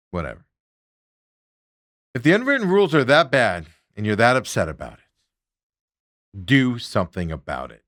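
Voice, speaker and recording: A man's voice: mid-range voice, no room sound, clean studio sound. A man hosting a sports talk show, giving opinionated, mocking rants on baseball clips and reading out viewer comments. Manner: ranting, mocking, animated.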